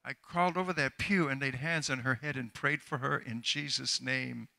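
A man's voice: medium pitch, fairly even intonation, moderate pace, gravelly, bright, forceful tone. An older male preacher telling a healing testimony in a church sermon, building into fervent exhortation to the congregation. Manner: storytelling, then rising into fervent exhortation. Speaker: traveling preacher.

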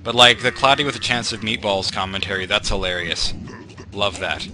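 A man's voice: on the low side, fairly even intonation, normal speed, pushed and bright, slight background noise. A young man giving meandering, self-deprecating commentary over gameplay, full of fillers and tangents. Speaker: let's play commentator. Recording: game music playing behind. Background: game music.

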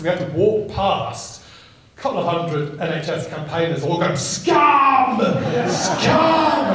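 A man with a high voice tells a comic story to a live audience in a small hall. He is chatty and full of quick asides, laughs often, and gets the crowd to join in. The hall is very echoey. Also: slight background noise. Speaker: storyteller performing a one-man show.

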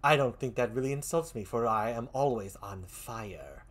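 A man voicing a theatrical, menacing challenger who taunts slowly and gravely. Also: medium pitch, voice pushed down, lightly acted. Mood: smug. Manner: slow, grave, mock-villainous taunting. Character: deep-voiced menacing male challenger, theatrical.

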